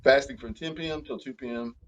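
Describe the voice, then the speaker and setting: A man coaching on health in a live question-and-answer chat, talking in a halting way with many fillers and restarts. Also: medium pitch, slight background noise, rough recording.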